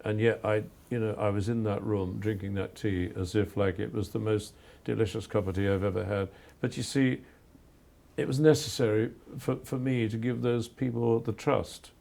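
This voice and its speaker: An older English man speaks in a low, gravelly voice with a warm, dark tone. He answers interview questions earnestly and at a measured pace, often circling back to restart a thought. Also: fairly even intonation. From England. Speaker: photographer guest.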